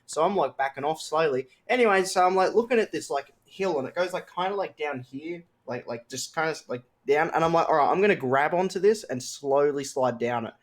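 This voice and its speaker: Aussie guy chatting on a podcast, swings his pitch all over, cursing storyteller. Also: fairly quick, few pauses. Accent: Australian. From Australia. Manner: animated, swearing storyteller. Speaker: podcast guest. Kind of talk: casual chat.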